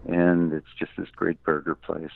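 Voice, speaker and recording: Deep-voiced older man on a tinny line. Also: level tone, moderate pace, gravelly, no room sound. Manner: wry, anecdotal. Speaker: musician guest. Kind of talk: interview storytelling. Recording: tinny dry phone-like line.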